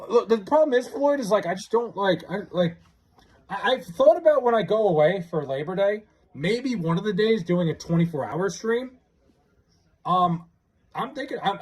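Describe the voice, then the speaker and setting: Reading chat on a live stream, a young man rambles off the cuff, swearing and restarting his sentences often. His slightly high voice has a husky edge and swings widely in pitch.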